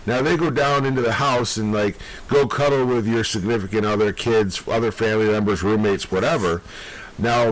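A man's voice: lowish voice, low-quality recording. A man with a New York accent co-hosting a podcast, ranting in casual talk, swearing a lot and often breaking into laughter. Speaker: podcast co-host.

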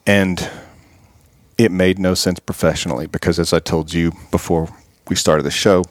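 A man's voice: low voice, fairly even intonation, normal speed, dry recording. A man, a podcast guest and author, earnestly retelling scenes and reflecting on them in an interview. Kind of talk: storytelling in an interview.

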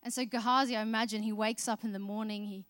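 A woman preaches quickly in a slightly high, somewhat bright voice with fairly even intonation. She recounts Bible stories conversationally, performing the voices of the biblical characters. The recording has no echo.

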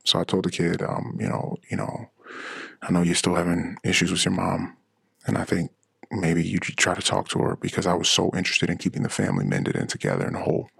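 A middle-aged man hosting a podcast, telling a painful personal story in a halting, emotional way, with many restarts and fillers. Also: low-pitched, vocal fry, a bit bright, husky, no echo. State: emotionally shaken. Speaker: podcast host. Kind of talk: personal confessional monologue.

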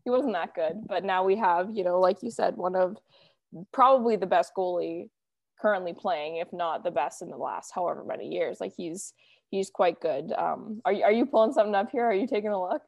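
A woman's voice: fairly low pitch, a little fast, creaky, dry recording, lo-fi sound. A young woman hosting a casual chat, talking loosely with many fillers. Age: young adult. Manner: chatty, lots of fillers and "you know". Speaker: podcast host.

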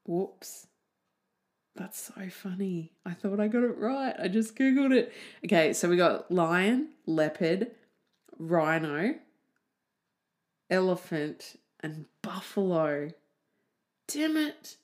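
Giggly, rambling woman host, slow and low. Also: a little mellow. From Australia. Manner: giggly, self-mocking, goes off on tangents. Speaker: podcast host. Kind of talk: rambling casual podcast monologue. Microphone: desk mic, typing heard.

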